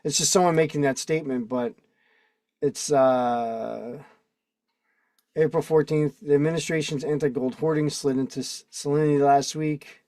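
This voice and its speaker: A man's voice: fairly high pitch, fairly even intonation, normal speed, darkish tone, no room sound. A man hosting a casual online chat, reading notes aloud and riffing on them with indignation. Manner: rambling, reads text aloud then riffs indignantly. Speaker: host.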